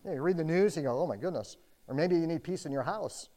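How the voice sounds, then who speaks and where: A middle-aged pastor preaching to a roomful of listeners. The delivery is chatty and informal, leaning on filler words. It jumps from loud emphasis down to near-whispered asides. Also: mid-range voice, quick pace. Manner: conversational, dotted with "like" and "you know"; animated, with swings between loud and hushed delivery. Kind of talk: sermon. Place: room with a congregation.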